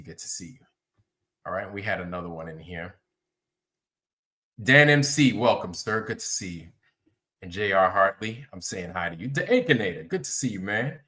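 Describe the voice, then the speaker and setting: A man's voice: lowish voice, pushed and bright. A man hosting a livestream, chatting casually, rambling and greeting viewers by name. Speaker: livestream host.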